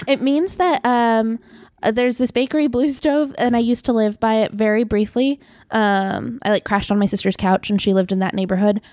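Female podcast guest, somewhat high pitch, dry close mic, relaxed and giggly. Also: moderate pace, no room sound. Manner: relaxed, chuckles between phrases. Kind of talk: casual chat.

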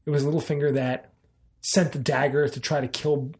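A man co-hosting a podcast in casual chat, retelling scenes in an animated way with quick asides. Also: a little high. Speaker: podcast co-host.

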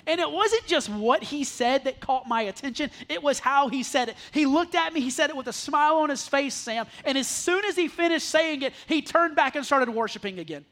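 A man's voice: extremely high pitch, animated, fairly quick, few pauses, fairly bright tone. A man who is a pastor preaching a sermon to a congregation, earnest, often repeating words as he restarts. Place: church service before a congregation.

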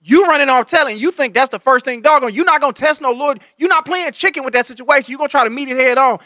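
A man's voice: very high-pitched, quick pace, bright, forceful tone, dry recording, clean studio sound. A man in a heated casual podcast debate who keeps cutting in, brash and profane. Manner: interrupts repeatedly, brash and profane.

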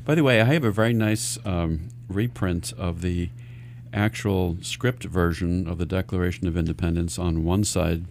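A man's voice: deep voice, moderate pace, darkish tone, slight background noise. A man hosting a radio talk show as a financial advisor, explaining earnestly and often restarting his sentences.

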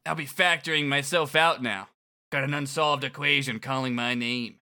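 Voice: mid-range voice, steady tone, normal speed, bright, forceful tone. A speaker voicing an aloof, nerdy male genius with a dry, dismissive tone.

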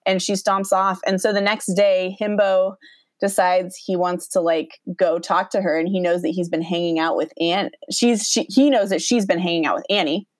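A woman's voice: on the low side, steady tone, moderate pace, dry recording. A woman casually recapping a movie, acting out the characters' lines and laughing often. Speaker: podcast co-host recapping a movie. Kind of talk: casual chat.

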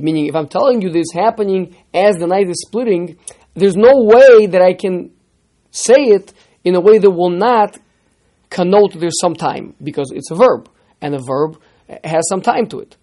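Animated man teaching a text class. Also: high-pitched. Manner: animated, rhetorical questions, repeats words when starting sentences. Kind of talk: interactive text lesson.

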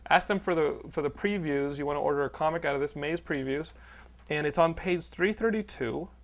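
Man, podcast host, casual chat, gravelly, teasing, profane. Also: a little high. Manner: joking, profane, quick to tease.

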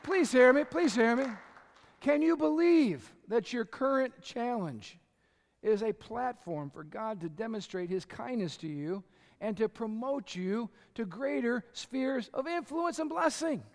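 High-voiced preacher in an echoing hall. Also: male voice, expressive, unhurried, creaky. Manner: impassioned, building to shouts. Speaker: pastor. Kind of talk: sermon. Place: church sanctuary. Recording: echoey hall.

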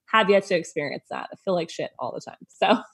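A woman's voice: fairly low pitch, lively intonation, fairly quick, creaky, breathy edge, dry recording. A pregnant young woman co-hosting a podcast, candid and wry in casual chat. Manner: sympathetic, many "aw"s, wry and candid. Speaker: podcast co-host.

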